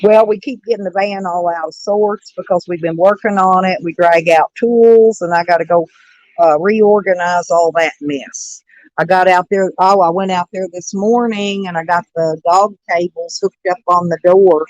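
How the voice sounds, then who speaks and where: A woman's voice: fairly low pitch, steady tone, normal speed, a little mellow, dry recording. Rambling woman streamer, dull dry sound. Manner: rambling, chatty, greets viewers by name. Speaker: live streamer. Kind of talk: casual live stream chat.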